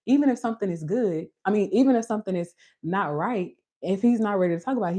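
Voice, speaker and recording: Husky Caribbean woman preaching casually. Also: mid-range voice, fast, few pauses. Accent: Caribbean Creole. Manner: animated, preachy, laughs often. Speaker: beauty channel host. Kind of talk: casual Bible study talk.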